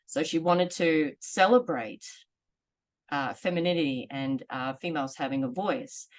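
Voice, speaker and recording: A woman in her forties telling a personal story in a candid, earnest, measured way. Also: deep voice. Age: 40s. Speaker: vlogger sharing lived experience.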